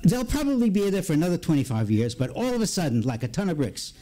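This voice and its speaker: An older man telling a personal story on stage at a story slam, with dramatic pauses and acted-out dialogue. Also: high-pitched, big pitch swings, dark tone.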